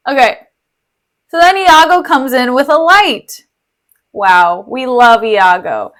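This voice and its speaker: A woman's voice: sits high, slow, fairly bright tone. A young woman streamer reading a play aloud with casual, slangy, giggly commentary.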